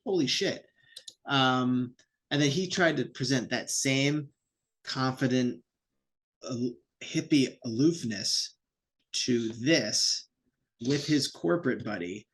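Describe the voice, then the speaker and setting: A man's voice: mid-range voice, slow pace, pauses often, fairly bright tone, slightly rough. A man who is a podcast guest, talking casually and heatedly and swearing freely. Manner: heated, sweary, puts on voices when quoting. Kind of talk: casual chat.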